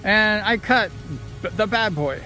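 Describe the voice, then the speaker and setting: A man telling old speedway racing stories in a casual, rambling, excited way, slipping into quoted voices. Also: sits high, measured pace, faint music behind. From Southern California. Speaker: vlogger recounting racing days. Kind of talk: casual storytelling.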